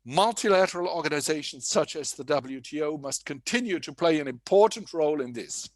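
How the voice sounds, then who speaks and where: Guy reading a conference speech, bit higher voice, dry close sound, lots of uhs and fixes. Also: expressive, fairly quick, dry recording. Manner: formal, with hesitations and self-corrections. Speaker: conference speaker. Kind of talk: prepared speech read aloud. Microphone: online conference setup.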